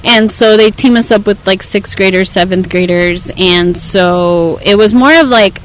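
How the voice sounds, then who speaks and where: A woman's voice: mid-range voice, unhurried, a little hiss or hum, rough recording. A young woman, a therapist, talking candidly and with animation as a podcast guest. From United States. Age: young adult. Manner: candid, animated, mixes Spanish into English. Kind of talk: casual conversation.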